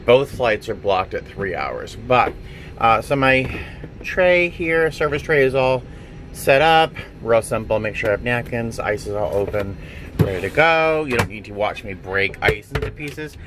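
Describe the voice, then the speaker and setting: A man talking casually to the camera in a travel vlog, chatty and animated. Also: medium pitch, unhurried, slight background noise, rough recording. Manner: chatty and animated, softens to a gentle coo with animals. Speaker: vlogger. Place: outdoors on city streets, then airport and aircraft galley.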